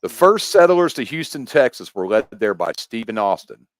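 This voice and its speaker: He's a US man on a podcast, chatting loosely and explaining in an excited, meandering style full of restarts. The voice is mid-range at a normal speed, with no echo.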